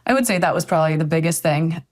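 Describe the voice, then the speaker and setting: A woman's voice: low-pitched, fast talker. A woman author, a guest on a podcast, telling a story in a reflective way and often hedging with "I think". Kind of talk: podcast interview conversation.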